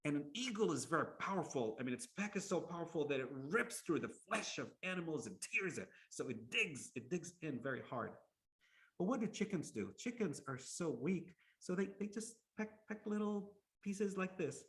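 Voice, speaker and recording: A man giving a storytelling sermon as an Islamic lecturer, lively, often restarting his words and acting out the quotes. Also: fairly high pitch, moderate pace.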